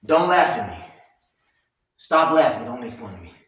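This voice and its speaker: A commentary vlogger rants loudly and profanely while working out, his mid-range voice very animated at a normal speed. He has no clip-on mic and talks from a distance, so the echoey room makes him sound far away.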